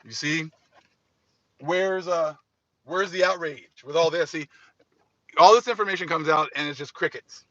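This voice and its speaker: A man's voice: fairly high pitch, measured pace, pauses often, bright, forceful tone, dry recording, highs cut off. A man hosting religious commentary, speaking emphatically and repeating his points. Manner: emphatic, repetitive. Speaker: host.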